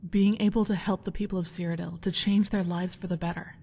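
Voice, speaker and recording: A woman voicing an idealistic female guild leader in a game, earnest and measured. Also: on the low side, steady tone, dark tone, in a large hall, a little hiss or hum, lightly acted. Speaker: game character.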